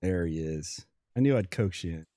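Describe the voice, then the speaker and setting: Recorded in a clean studio with no room sound, this deep, dark-toned man speaks at normal speed with lots of animation. He's a Western Pennsylvania livestream host with the regional accent, chatty, laughing easily and calling out chatters by name.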